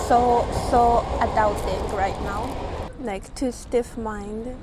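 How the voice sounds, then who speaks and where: Japanese-accented woman vlogging outside, high voice, chatty and rambly, loud traffic noise all around. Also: steady tone, slow pace. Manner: rambling, full of "like" fillers. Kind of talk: casual vlog chat. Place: outdoors on busy city streets.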